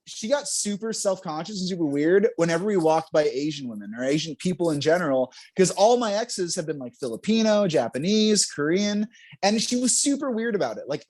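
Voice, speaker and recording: A young man performs a stand-up comedy set on a club stage. His voice sits high and swings widely in pitch as he lands self-mocking punchlines. He laughs between jokes. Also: darkish tone.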